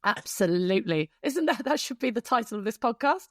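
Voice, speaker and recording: A woman's voice: a little high, lively intonation, a little fast, no echo, studio quality. A woman co-hosting a podcast, bubbly and teasing in casual chat, swearing freely. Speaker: podcast co-host.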